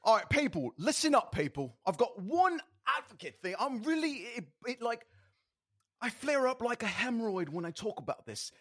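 A man putting on a British accent to play a loud, blunt bloke lecturing people. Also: very high-pitched, sing-song, moderate pace, husky, voice pushed up, exaggerated voice. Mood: ranting. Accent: put-on British. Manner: blustery, blunt, preachy. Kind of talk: comic impression on a podcast.

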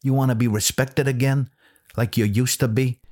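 A man's voice: medium pitch, steady tone, normal speed, a little mellow, voice pushed up, natural voice. A man doing an impression of a foul-mouthed, swaggering male podcast mentor with a New York-New Jersey accent. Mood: brash, needling. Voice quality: gruff, swaggering tough-guy patter.

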